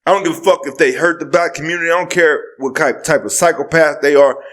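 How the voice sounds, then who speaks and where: A man with a fairly high voice for a man, arguing heatedly in casual podcast talk. He swears freely and pushes his voice up into loud outbursts. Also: quick pace. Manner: heated, profane, rising into outbursts. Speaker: podcast co-host.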